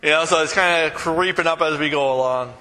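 High, bright-voiced man preaching in a hall. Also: a little fast. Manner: conversational, anecdotal, self-deprecating with many fillers and restarts. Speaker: pastor. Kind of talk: sermon. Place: church.

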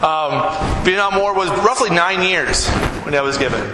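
A man's voice: high-pitched, lively intonation, moderate pace. A man giving a sermon as a pastor, in a conversational style with frequent tag questions like "right?". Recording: echoey hall with background noise.

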